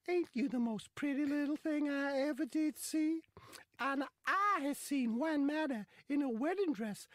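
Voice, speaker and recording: Syrupy high Southern belle, flowery and flirty, over the top. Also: male voice, no room sound.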